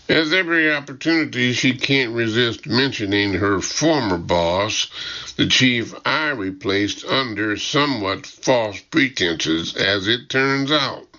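Slow, bright-toned male audiobook narrator. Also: medium pitch, animated, highs cut off. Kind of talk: first-person audiobook narration.

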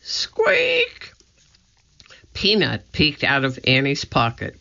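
A narrator reading a children's chapter book aloud in a steady, clear storytelling manner. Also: mid-range voice, slow, dull audio. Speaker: audiobook narrator.

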